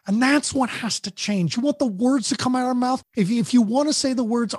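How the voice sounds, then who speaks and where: A middle-aged man hosting a parenting podcast, talking in an animated way, often repeating words as he goes. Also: very high-pitched, brisk, breathy edge, dry recording, clean studio sound. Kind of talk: conversational podcast talk.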